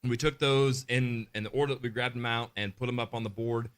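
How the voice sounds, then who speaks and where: A man's voice: mid-range voice, fairly even intonation, brisk, clear, resonant tone. A man co-hosting a live podcast, chatting casually and reading viewer comments aloud in an upbeat way. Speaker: podcast co-host.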